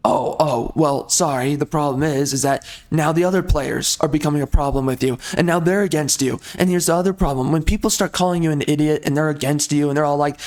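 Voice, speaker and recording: A man's voice: a little high, brisk, hardly any pauses, darkish tone. A man giving rambling, exasperated commentary over gameplay, often stumbling and restarting his sentences. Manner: exasperated, rambling, frequent restarts and filler words.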